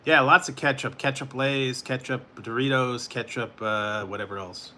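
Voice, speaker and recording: A man's voice: mid-range voice, steady tone, moderate pace, pushed and bright. A man hosting a late-night food review live stream, rambling casually and chuckling as he talks to chat viewers.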